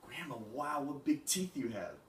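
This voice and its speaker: A man's voice: on the low side, fast, close to an everyday voice. A man voicing a sweet, wide-eyed little girl in a red hood, innocent and full of wonder. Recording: echoey room, mic far off, faint hiss.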